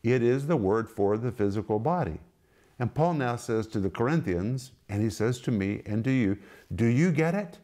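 A man's voice: on the low side, moderate pace, warm tone. A middle-aged man teaching from the Bible on a broadcast program, emphatic and pressing rhetorical questions.

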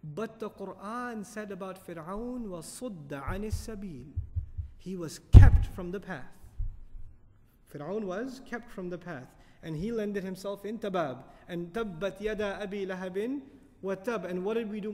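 A man lecturing on Quran commentary, animated, asking the audience questions and reciting Arabic verses quickly. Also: high-pitched, big-room sound. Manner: animated, asks the audience questions and answers them. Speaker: Quran teacher.

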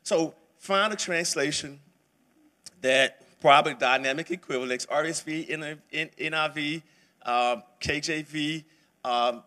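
Bright-voiced man teaching Bible study. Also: medium pitch. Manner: casual and conversational, with many fillers and restarts. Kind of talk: church Bible study lesson. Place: church sanctuary.

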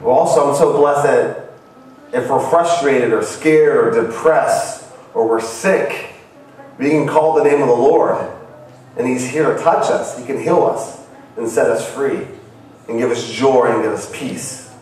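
A man's voice: medium pitch, measured pace, darkish tone, slight background noise. A missionary man from Ohio, preaching a sermon and telling stories earnestly, his voice rising to cries. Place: church hall. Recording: very echoey hall from far off.

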